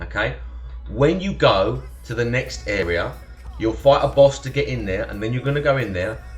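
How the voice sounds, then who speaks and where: A young man from Essex with an estuary accent, chatting casually and swearing as he hosts a live stream, thanking followers and laughing often. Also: mid-range voice. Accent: Essex estuary English. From Essex, England. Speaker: livestream host.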